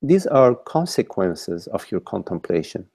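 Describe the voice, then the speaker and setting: A man's voice: on the low side, sing-song, a little slow, a little mellow, slightly rough, no echo. A man leading a contemplative dialogue over an online call, searching for words and often repeating and restarting his phrases. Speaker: spiritual teacher.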